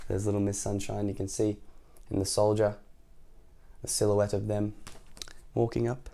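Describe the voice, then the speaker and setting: A man hosting a storytime video, reading a picture book aloud to children in a playful, animated way and asking them questions. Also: on the low side, a little slow, gravelly, long pauses, a little hiss or hum. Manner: animated, playful, talks to young listeners. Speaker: storytime host.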